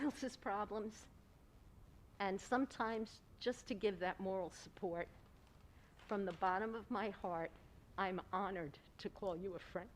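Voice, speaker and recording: A woman's voice: medium pitch, slight background noise. A woman speaking as a town councilwoman at a board meeting, giving a heartfelt, personal tribute, laughing often and close to tears. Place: school board meeting room.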